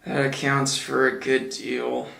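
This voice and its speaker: A man voicing a gloomy old male donkey in a low, quiet, mournful voice, for a storybook reading. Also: little pitch movement, slow, creaky. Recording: roomy echo.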